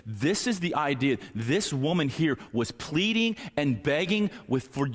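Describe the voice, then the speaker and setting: A man's voice: mid-range voice, big pitch swings, a little slow, hardly any pauses. A man preaching a sermon as pastor, earnest and at times acting out pleading voices. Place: church sanctuary. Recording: church hall reverb.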